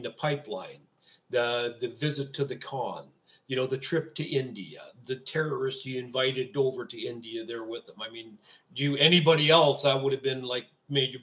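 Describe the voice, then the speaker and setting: A man's voice: mid-range voice, fairly bright tone. Indignant ranting male show host. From Canada. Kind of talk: political commentary monologue.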